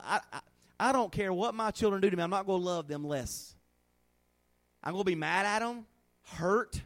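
A middle-aged man preaching a sermon in a folksy, animated way, acting out little scenes in a hushed voice. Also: sits high. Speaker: pastor.

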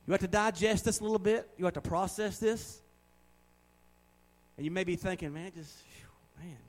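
A man in his forties preaches to his church in a relaxed, conversational manner. His voice sits a little high for a man. He drops in playful asides and repeats key words over and over for emphasis. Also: normal speed, low-quality recording. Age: 40s. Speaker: pastor. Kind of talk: sermon.

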